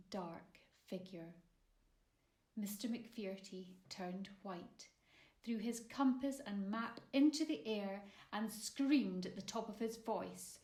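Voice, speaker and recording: A woman narrating her own children's story in an expressive, measured way. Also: medium pitch. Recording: roomy echo.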